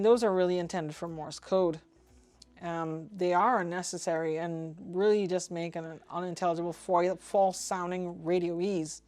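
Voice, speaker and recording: Speaking to the camera in a relaxed, explanatory way, this Trinidad and Tobago woman shares her opinions on ham radio and slowly spells out call signs. She has a fairly low pitch and a somewhat dark tone.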